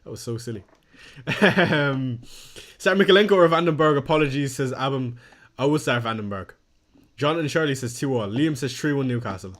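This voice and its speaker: Young male streamer, casual self-deprecating chat, mid-pitched voice. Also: expressive, brisk, a bit bright. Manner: chatty, self-deprecating, reads chat aloud. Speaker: fantasy football streamer. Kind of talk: casual live-stream chat reading viewer comments.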